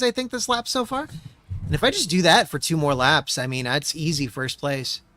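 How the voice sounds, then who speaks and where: A man's voice: a little high, a bit bright, no echo. A man streaming a racing game, muttering to himself and swearing often as he chats. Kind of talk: casual gameplay commentary.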